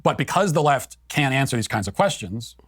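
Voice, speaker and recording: A man's voice: mid-range voice, lively intonation, fairly quick, fairly bright tone, breathy edge, no room sound, clean studio sound. A man giving political commentary as a co-host, in an emphatic, argumentative way.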